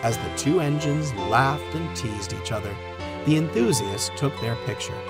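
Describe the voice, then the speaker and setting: A man narrating a storybook with expressive, lively intonation at a mid pitch. Clear music plays under his voice throughout. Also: moderate pace. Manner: expressive, animated reading.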